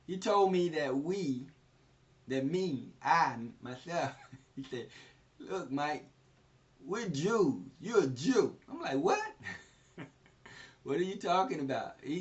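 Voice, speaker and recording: A man in his sixties teaching scripture as a preacher, in a conversational way that retells scenes in plain everyday speech. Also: fairly high pitch. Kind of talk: informal Bible teaching. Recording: distant, dull lo-fi recording.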